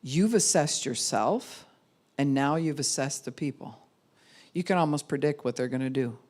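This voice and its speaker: A woman's voice: rumbling low, animated, normal speed, darkish tone. A middle-aged woman pastor giving a conversational sermon, acting out the people she quotes. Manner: conversational, acts out quoted voices. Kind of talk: sermon teaching.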